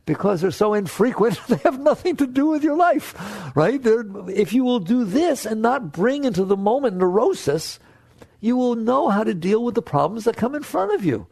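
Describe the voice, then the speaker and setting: A man giving a spiritual talk to an audience, direct and coaxing. He jumps between playful high voices and soft low asides. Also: sing-song, normal speed, gravelly, no room sound. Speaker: spiritual teacher.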